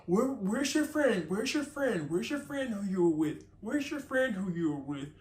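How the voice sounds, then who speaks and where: A woman voicing a calm young man who keeps telling a panicked girl to calm down, in slow, drawn-out reassurance. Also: mid-range voice, reverberant, natural voice. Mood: soothing.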